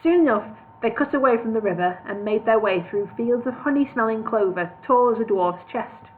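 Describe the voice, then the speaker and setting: A woman's voice: a little high, expressive, brisk. A woman reading a storybook aloud on a live stream, often correcting herself and apologizing. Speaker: reader. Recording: tinny lo-fi livestream audio, faint noise.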